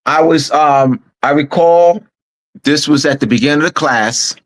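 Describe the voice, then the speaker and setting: A middle-aged man, a teacher and author, telling a story from his teaching days in a relaxed, recollecting way, pausing and restarting as he remembers. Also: a little high, poor audio. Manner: unhurried recollecting with pauses and restarts. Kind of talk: casual storytelling.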